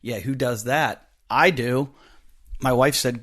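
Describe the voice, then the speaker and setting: A middle-aged man with a stuffy nose hosting a podcast, rambling and joking, swinging from loud bursts to muttered asides. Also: medium pitch, unhurried. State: stuffy nose, a bit snotty. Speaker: podcast host and comedian. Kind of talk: casual podcast monologue.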